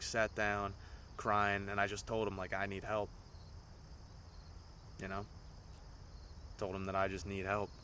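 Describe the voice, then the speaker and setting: Young male podcast host, low-pitched, bright and pushy tone, rambling and profane, crickets faintly behind. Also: slight background noise. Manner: rambling, swears often. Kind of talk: casual storytelling monologue.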